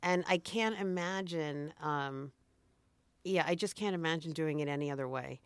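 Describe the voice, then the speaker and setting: A woman's voice: sits low, normal speed, smooth, no echo. A middle-aged woman food blogger on a podcast, chatting in an easygoing, thoughtful way with frequent restarts. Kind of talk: casual chat.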